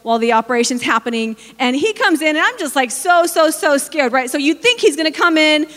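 A woman's voice: sits high, lively intonation, a little fast, a bit bright. A woman in her forties preaching a sermon, telling personal stories with humor and speaking directly to the congregation. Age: 40s. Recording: long hall reverb.

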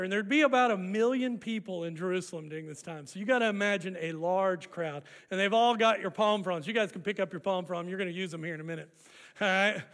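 A man preaching a sermon, walking his congregation through an old festival ritual and leading them in responses. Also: high-pitched. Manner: animated, leads congregation in call-and-response. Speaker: pastor.

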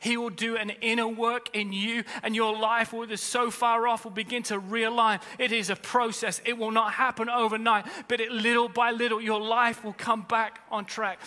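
A man's voice: very high voice, level tone, normal speed, hardly any pauses, sharp tone. A man, a pastor, preaching a sermon in earnest, repeating key phrases for weight. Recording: long reverb of a large hall.

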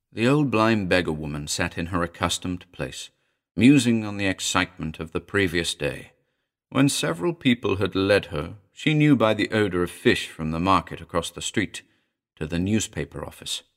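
A man narrating a classic horror story in an expressive, suspenseful audiobook reading. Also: deep voice, moderate pace.

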